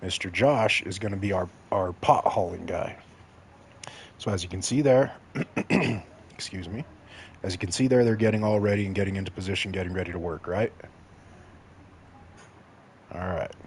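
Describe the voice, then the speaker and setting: Joking low-voiced man streaming a game. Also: a little hiss or hum. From Mexico. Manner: joking, chatty, talks straight to chat. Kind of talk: casual gameplay commentary.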